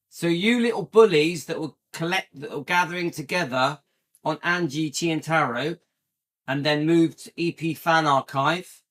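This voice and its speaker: A man's voice: fairly high pitch, unhurried, fairly bright tone. A man hosting his own online channel, talking straight to viewers in an emphatic, repetitive way, circling back to the same points. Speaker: YouTube channel host. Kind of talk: casual direct-to-camera talk.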